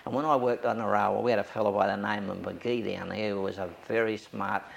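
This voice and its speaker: A man's voice: fairly low pitch, fairly even intonation, fast talker, vocal fry, highs cut off, a little hiss or hum. An older Australian man telling anecdotes from his youth in an oral history interview, acting out the voices of the people he quotes.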